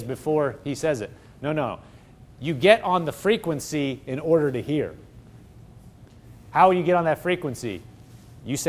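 Guy preaching a sermon, kinda high voice, gets loud then goes real quiet. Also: animated, moderate pace, pauses often. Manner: swings from loud exclaiming to low hushed tones.

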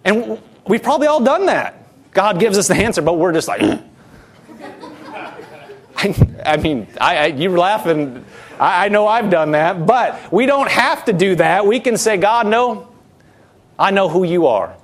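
A man's voice: high-pitched, sing-song, measured pace. A man pastor preaching a sermon in a conversational way, repeating key phrases and restarting sentences as he talks.

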